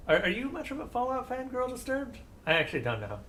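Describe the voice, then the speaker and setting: A man's voice: extremely high pitch, wildly swooping pitch, fast, a bit bright, slight background noise. A young man streaming a game, chatting casually with rambling asides and sarcastic talk-back to the characters. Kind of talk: casual live-stream chat over gameplay.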